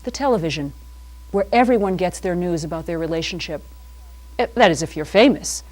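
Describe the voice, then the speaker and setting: A woman's voice: on the low side, expressive, a little fast, a little mellow. A woman host performing a playful, rambling improvised comedy monologue in a TV studio. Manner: rambling, playful, free-associating. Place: public-access TV studio. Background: music.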